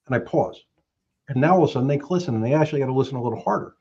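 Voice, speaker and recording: Middle-aged male mortgage pro, lively sales-coach delivery on a muffled line. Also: medium pitch, very fast, husky. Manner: emphatic storyteller, acts out both sides of phone calls. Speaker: guest, mortgage professional. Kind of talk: animated sales coaching talk.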